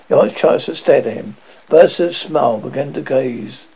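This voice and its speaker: Man reading a novel aloud, gravelly, husky, lively delivery, dull lo-fi sound. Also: mid-range voice, moderate pace. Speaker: audiobook narrator.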